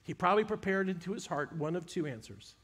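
A man preaching a sermon, retelling scripture with animated, emphatic storytelling. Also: sits high, fast talker, slightly rough.

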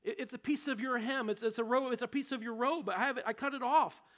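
A man voicing a humble young warrior who pleads earnestly with his king, in a high voice. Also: normal speed, fairly bright tone.

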